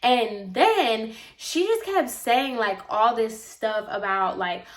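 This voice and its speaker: A young woman vlogger and apprentice hairstylist telling a casual story, talking fast and loose with lots of "like", sounding exasperated. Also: mid-range voice. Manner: chatty, exasperated, heavy use of "like".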